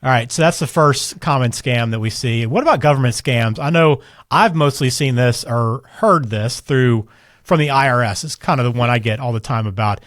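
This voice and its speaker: A man's voice: mid-range voice, a bit bright, no room sound, clean studio sound. A man co-hosting a podcast, chatting casually and loosely and steering the talk between topics. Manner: quick, chatty, loose with fillers. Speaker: podcast co-host. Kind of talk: casual conversational chat.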